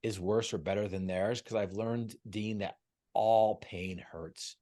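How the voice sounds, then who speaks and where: A man's voice: lowish voice, steady tone, a little slow, dark tone. Earnest man telling his story. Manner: earnest, emotional storyteller with frequent repeated words. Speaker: guest, motivational speaker. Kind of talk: heartfelt storytelling.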